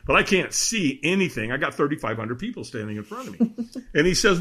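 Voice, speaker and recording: Lively, bright-voiced storytelling man. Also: a little high, a little fast. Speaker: podcast guest. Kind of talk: animated storytelling.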